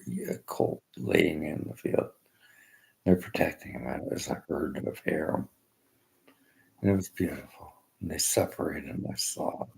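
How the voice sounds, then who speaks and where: A man in a rambling personal monologue, halting and emotional, often dropping to near-whispers. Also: sits low, gravelly, darkish tone.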